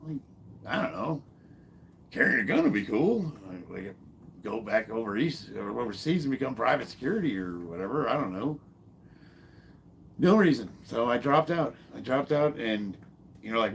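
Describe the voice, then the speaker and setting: Man, 50s, gravelly voice, casual vlog storytelling, halting with lots of fillers, profane. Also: mid-range voice, very animated, slight background noise. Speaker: fitness vlogger and former Marine.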